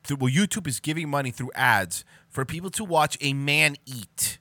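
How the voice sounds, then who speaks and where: A man's voice: fairly high pitch, expressive, moderate pace, bright, forceful tone, dry recording. A man ranting sarcastically and swearing a lot as he reacts to a video for comedy. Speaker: reaction commentator. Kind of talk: profane comedic reaction commentary.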